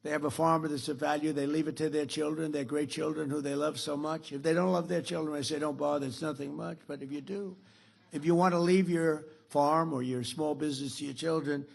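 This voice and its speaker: An older man in his seventies speaks at a dinner podium, his voice somewhat high and distinctly gravelly. He rambles and boasts, often breaking off mid-sentence to restart or throw in an aside. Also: fairly even intonation, a little fast. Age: 70s. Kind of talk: political after-dinner speech. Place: dinner event.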